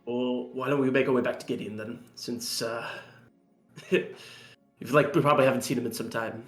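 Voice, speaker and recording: A man's voice: medium pitch, fairly even intonation, moderate pace, echoey room, soft background music. Hesitant man playing a tabletop game. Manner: hesitant, laughing, many fillers. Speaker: player. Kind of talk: tabletop role-play.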